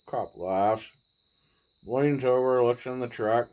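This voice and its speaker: A man in his forties, telling a personal story in a laid-back, rambling way with pauses. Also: mid-range voice, expressive, a little mellow, slight background noise, rough recording. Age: 40s. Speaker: vlogger. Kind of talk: casual storytelling.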